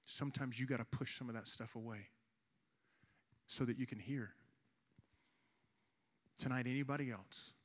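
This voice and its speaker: A youth pastor in his forties pleads with the room in an earnest sermon that builds to an altar call, slowing his pace for emphasis. He speaks at a medium pitch.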